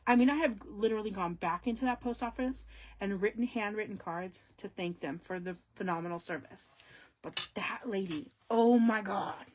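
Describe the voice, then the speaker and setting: A woman chatting to viewers during a crafting live stream, her voice at an everyday middle pitch. She talks in a loose, casual way. She jumps between loud exclamations and quiet, near-whispered asides. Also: normal speed, a little hiss or hum.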